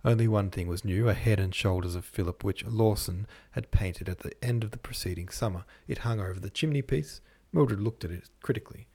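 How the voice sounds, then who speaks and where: A man reading a classic novel aloud as a podcast host, in measured literary narration. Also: fairly low pitch, gravelly, darkish tone, husky. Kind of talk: scripted narration.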